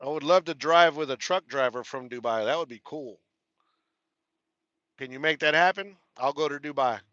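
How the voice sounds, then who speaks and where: A man's voice: on the high side, moderate pace, fairly bright tone, no echo, highs cut off. A man with a Texas country twang hosting a casual live stream from his truck cab, reading viewer comments, laughing often and repeating his thanks. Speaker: trucker livestream host.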